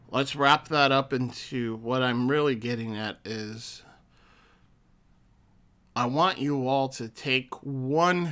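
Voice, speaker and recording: Slow, bright-voiced man giving earnest encouragement. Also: medium pitch. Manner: earnest, encouraging, with frequent restarts. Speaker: podcast host and counselor. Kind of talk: solo podcast monologue.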